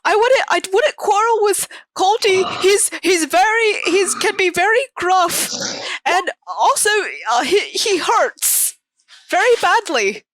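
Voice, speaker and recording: A woman at a tabletop game speaks in a high, lively voice that swings up and down. She talks slowly, with giggles, and the sound is close and dry. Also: dry recording, rough recording. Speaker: player. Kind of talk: casual chat while playing a tabletop game.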